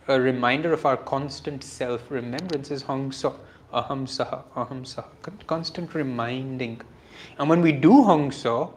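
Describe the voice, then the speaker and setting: A man gives a reflective spiritual teaching on scripture, earnest and self-deprecating, often chuckling softly. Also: mid-range voice. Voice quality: earnest and self-deprecating, with frequent soft laughs.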